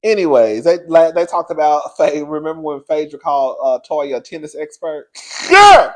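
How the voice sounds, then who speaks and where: A man giving casual commentary on a reality show, sassy and frank, laughing often, with big swoops in pitch. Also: fairly quick, mellow. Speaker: reality TV reviewer.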